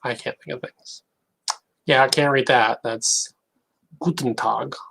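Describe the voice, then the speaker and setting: Young male creator, gravelly, halting wry monologue. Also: mid-range voice, steady tone, bright, forceful tone, slight background noise, rough recording. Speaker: online creator. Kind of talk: casual monologue to camera.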